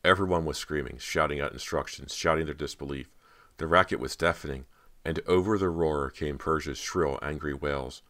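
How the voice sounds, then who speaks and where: A man reading a horror audiobook in a steady, dramatic way. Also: rumbling low, moderate pace. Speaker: audiobook narrator. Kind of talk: scripted narration of a horror novel.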